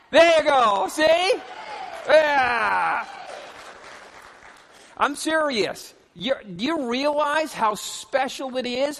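Male pastor, middle-aged, high voice, lively joking sermon with hollers, church hall reverb. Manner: animated, jokes with the congregation, hollers. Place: church sanctuary.

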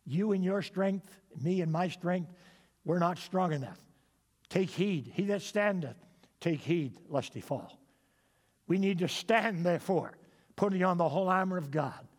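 A man's voice: high voice, big-room sound. A man preaching a sermon, emphatic and repetitive, asking his listeners rhetorical questions.

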